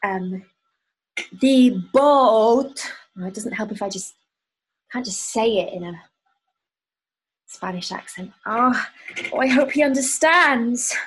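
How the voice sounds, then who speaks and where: Improv player, woman, slightly high breathy voice, very slow playful delivery with muttered asides. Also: a bit bright, poor audio. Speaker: improv performer. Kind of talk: improvised comedic letter reading.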